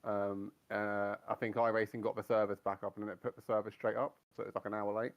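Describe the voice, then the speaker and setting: A man's voice: fairly low pitch, level tone, quick pace, dull audio. A man chatting as a sim racing teammate, rambling and blunt, swearing freely. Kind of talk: casual chat.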